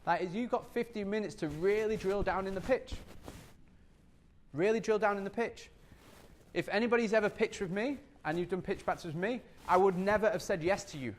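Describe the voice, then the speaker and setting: A man leading a sales training workshop, energetic and repetitive, often acting out customer scenes as he talks. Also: sits high, fairly quick.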